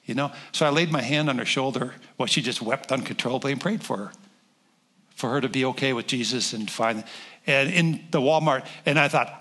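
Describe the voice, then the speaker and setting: Older male guest preacher, husky voice, chatty and rambling, tells stories from the pulpit. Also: mid-range voice, a little fast, a bit bright. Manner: rambling, self-interrupting, folksy. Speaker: guest pastor. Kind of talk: conversational sermon with storytelling.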